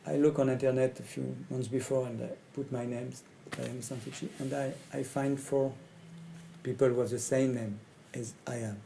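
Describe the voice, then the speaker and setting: A middle-aged French man talks as a coach in careful, halting English, circling back to repeat his points. His voice is gravelly and mellow, with a faint ambient noise behind him. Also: medium pitch, steady tone, poor audio. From France. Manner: slow, halting, repeats phrases. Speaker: coach and facilitator. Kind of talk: speaking to camera about his training.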